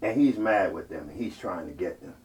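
A male preacher telling a story in a sermon, animated and playful, calling out to the congregation and building to loud peaks. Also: low-pitched, a little fast. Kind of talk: storytelling sermon with call-and-response. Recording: distant mic, faint ambient noise.

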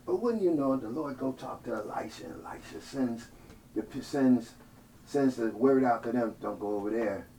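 A male preacher telling a story in a sermon, animated and playful, calling out to the congregation and building to loud peaks. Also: medium pitch, normal speed. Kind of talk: storytelling sermon with call-and-response. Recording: distant mic, faint ambient noise.

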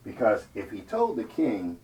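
A male preacher telling a story in a sermon, animated and playful, calling out to the congregation and building to loud peaks. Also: fairly low pitch, a little slow. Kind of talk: storytelling sermon with call-and-response. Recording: distant mic, faint ambient noise.

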